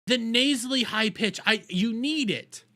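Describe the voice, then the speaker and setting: A man's voice: extremely high pitch, measured pace, bright, forceful tone. A young adult man giving profane, rambling reaction commentary as a video host.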